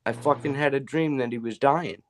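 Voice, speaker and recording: A man's voice: medium pitch, fairly quick, slight background noise. A middle-aged man in casual chat, telling rambling stories full of swearing. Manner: profane, rambling storyteller.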